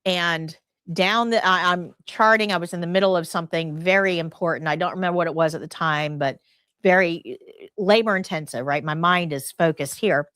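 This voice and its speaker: A middle-aged woman teaching a live nursing class, telling stories in an emphatic, lively way. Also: lowish voice, moderate pace, smooth, dry recording, clean studio sound. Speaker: nursing instructor.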